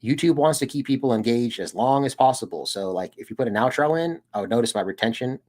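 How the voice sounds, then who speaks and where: An American streamer and channel host rambles in casual livestream chat, laid-back and peppered with "dude" and laughs. He talks fast, with a medium-pitched, darkish voice.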